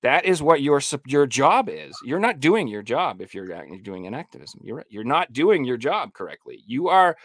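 Animated, heated ranting man. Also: medium pitch, moderate pace, few pauses, no room sound. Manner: emphatic, profane, heated ranting. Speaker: podcast co-host. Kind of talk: casual podcast rant.

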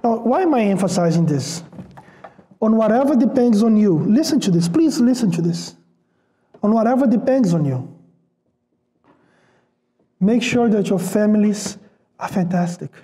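A man's voice: high voice, lively intonation, normal speed, pauses often, warm tone. A man preaching a sermon in a conversational way, repeating words for emphasis and asking the congregation rhetorical questions. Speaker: pastor.

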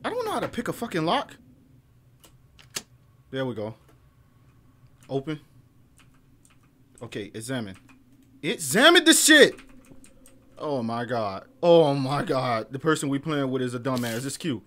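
A young man streaming a horror game, loud and jumpy at the scares, full of slang and swearing, muttering to himself as he explores. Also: medium pitch, sing-song, normal speed, pauses often, a little hiss or hum. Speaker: gaming streamer. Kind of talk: horror gameplay commentary.

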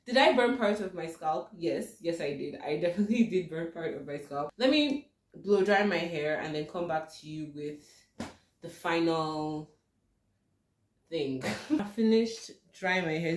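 A woman's voice: low-pitched, moderate pace. A young woman from Nigeria chatting casually in a home vlog, with dramatic, panicky exclamations and laughter. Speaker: vlogger. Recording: roomy, distant home recording.

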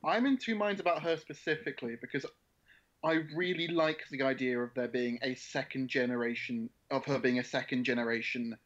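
Man, podcast co-host, halting restarts, muffled dull audio. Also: medium pitch, a bit bright. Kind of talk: casual podcast chat.

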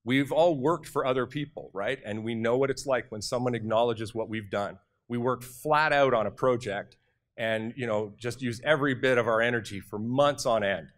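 Energetic man giving a conference talk. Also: medium pitch, normal speed. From Canada. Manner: energetic, direct, addresses audience with questions. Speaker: conference speaker. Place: conference hall.

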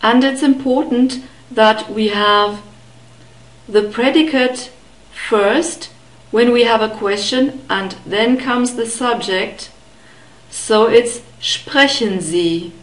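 A woman teaching a beginner language lesson, carefully modeling sounds and repeating words slowly. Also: fairly high pitch, roomy sound, poor audio. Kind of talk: slow, deliberate pronunciation lesson.

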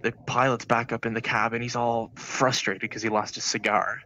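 A man's voice: medium pitch, flat delivery, normal speed, sharp tone, slight background noise, rough recording. A man telling a long joke in a casual online voice chat, rambling with many restarts and filler words.

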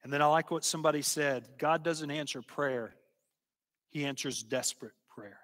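A man preaching a sermon and telling a story, slow and emphatic, sometimes dropping to a hush. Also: fairly high pitch. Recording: long hall reverb.

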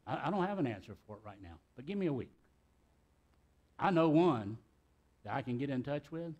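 A man's voice: mid-range voice, very animated, very fast, a little mellow. A middle-aged man, preaching a sermon in a church in a folksy, talkative way with joking asides. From South Carolina, US. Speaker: pastor. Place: church sanctuary.

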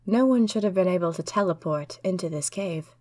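A woman telling a first-person diary story in an earnest, lively way. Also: fairly low pitch, brisk, dry recording.

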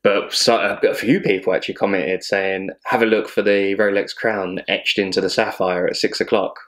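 A man's voice: low voice, fairly even intonation, moderate pace, a bit bright. A man co-hosting a watch channel, chatting casually and rambling, laughing often and swearing now and then. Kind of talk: casual chat.

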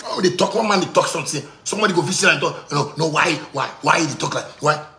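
Ghanaian man ranting with a bright, sharp tone in an echoey room. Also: on the high side, quick pace. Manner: ranting, repetitive, bursts of shouting. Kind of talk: heated monologue in pidgin.

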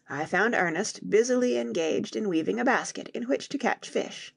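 A woman in scripted audiobook narration, reading in a measured way and voicing the characters. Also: mid-range voice, gravelly, husky, dry recording, studio quality.

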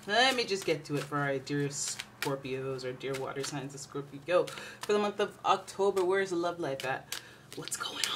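A woman hosting a casual tarot reading, talking in a chatty, playful way. Her voice sits a little low, and she swings between loud bursts and quiet asides. A faint hiss runs under the recording. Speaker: tarot reader.

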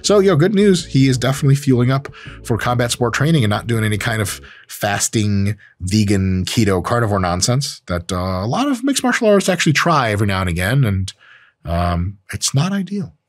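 A man's voice: medium pitch, fairly quick. A man hosting a reaction video as an exercise scientist, joking and swearing constantly. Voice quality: profane, joking, animated. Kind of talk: reaction commentary.

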